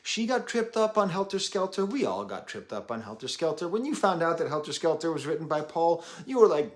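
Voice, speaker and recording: A man's voice: a little high, sing-song, a little fast, few pauses. A man in his thirties reviewing an album, rambling and self-deprecating with jokey asides. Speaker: music reviewer. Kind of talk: casual chat.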